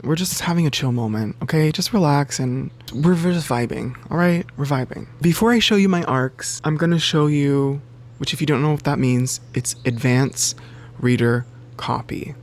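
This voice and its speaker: A man talks casually to his camera in a loose, chatty vlog. His voice sits at an everyday middle pitch but leaps sharply upward when he gets worked up, and he swears freely as he goes. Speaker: bookseller and book vlogger.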